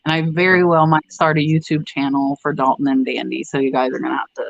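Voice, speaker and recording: A woman's voice: rumbling low, level tone, fast, vocal fry, no echo, muffled recording. A woman hosting a casual live stream, rambling chattily and reading out viewer comments. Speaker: livestream host.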